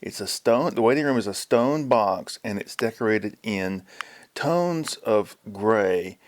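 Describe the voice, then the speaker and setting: A man in casual conversation, telling wry stories in a rambling way with halting restarts. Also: on the low side, animated. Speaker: podcast co-host. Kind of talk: casual chat.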